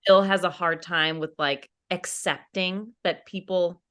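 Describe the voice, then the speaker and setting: A woman's voice: lowish voice, steady tone, unhurried. Woman host, supportive and chatty. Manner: warm-hearted, filler-heavy, supportive. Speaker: podcast host. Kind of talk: casual chat.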